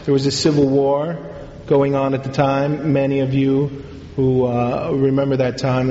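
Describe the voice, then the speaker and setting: A man, a priest, telling a story in a sermon, in an unhurried, halting way with pauses and fillers. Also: medium pitch, dark tone, a little hiss or hum. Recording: echoey hall, dull lo-fi sound.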